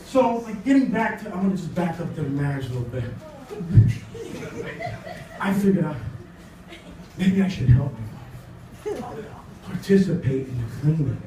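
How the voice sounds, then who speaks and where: Guy doing stand-up, high voice, acts out all the lines, sounds far off in an echoey club. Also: normal speed, pauses often. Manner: animated storytelling, acts out dialogue. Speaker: stand-up comedian. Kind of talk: stand-up comedy set. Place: comedy club. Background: audience laughter.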